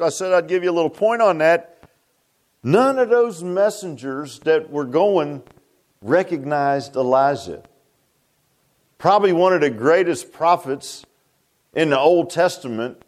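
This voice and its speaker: A man's voice: fairly high pitch, animated, measured pace, pauses often. A middle-aged man, preaching a sermon as pastor, pressing questions with a rhetorical "huh?". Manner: preachy, rising to fervent emphasis with rhetorical "huh?".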